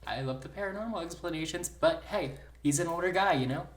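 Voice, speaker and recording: A woman co-hosting a podcast in casual chat, blunt and quick with swearing asides. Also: fairly low pitch, roomy sound. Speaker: podcast co-host.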